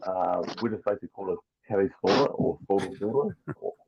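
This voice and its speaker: A rambling, jokey man with a New Zealand accent talks casually as a podcast guest. His voice sits on the low side. It comes through a thin, phone-like call connection. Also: quick pace, gravelly, breathy edge. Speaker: guest toy customizer. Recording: tinny phone-like call line.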